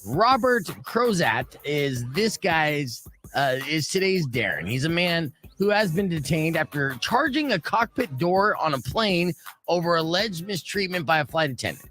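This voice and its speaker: Brief: male morning radio host, lively up-and-down pitch, jokey storytelling, faint music under. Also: unhurried.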